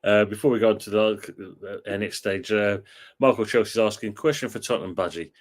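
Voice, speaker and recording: A man's voice: fairly low pitch, steady tone, a little fast. A middle-aged man, co-hosting a casual chat and telling old football stories with plenty of swearing. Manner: swears freely, tells football stories animatedly. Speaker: podcast co-host.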